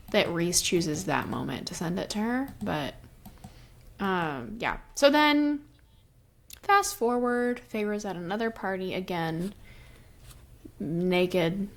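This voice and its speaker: Slow-talking woman recapping a book. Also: lowish voice, a little hiss or hum. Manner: recaps the plot loosely, with many fillers like "um" and "like". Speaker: podcast co-host. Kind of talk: casual book-discussion chat.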